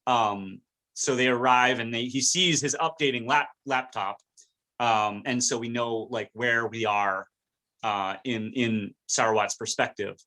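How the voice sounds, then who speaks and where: A man with a bright, forward tone hosts a casual podcast. He retells scenes with lively, animated storytelling. He keeps it chatty and relaxed, mid-pitched. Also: unhurried. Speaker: podcast host.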